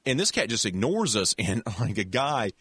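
A man with a lowish voice tells a long, winding story in a loose, chatty way. He restarts sentences, speeds up and slows down, and leaps up in pitch when he gets excited. The sound is close and dry, with no room around it. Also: slightly rough, dry recording. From American South. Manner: animated storyteller with many restarts, acts out voices. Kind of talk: casual storytelling chat.

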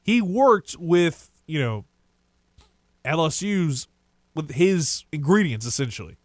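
A man's voice: fairly high pitch, takes it slowly, dry recording. Casual sports radio man, dry studio sound. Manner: casual, rambling, animated opinions. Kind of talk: sports talk radio monologue.

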